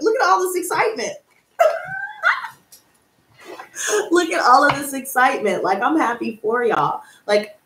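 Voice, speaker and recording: In an echoey room with faint noise, a woman with a high voice runs a live tarot stream, reading viewer comments aloud and replying. She gushes excitedly, calls people girl and honey, and keeps bursting into laughter.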